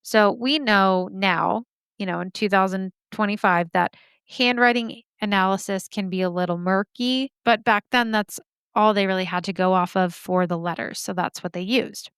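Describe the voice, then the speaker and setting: A woman with a smooth, clear voice tells a true-crime story in a relaxed, chatty way. She keeps breaking in with dry, sarcastic remarks. The recording is close and dry, with no room sound. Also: medium pitch, normal speed, no echo. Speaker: podcast host.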